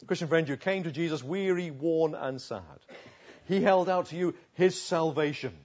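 A man preaching a sermon, dropping to a hush and then rising loud, slow and emphatic with long pauses. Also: on the high side, highs cut off. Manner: dramatic swings between hushed and loud passages.

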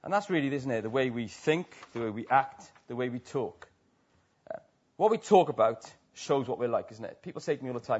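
A man's voice: medium pitch, lively intonation, fairly quick, a little mellow, breathy edge, muffled recording. A man from Wales with a Welsh accent preaching a sermon to a church, talking conversationally with many tag questions.

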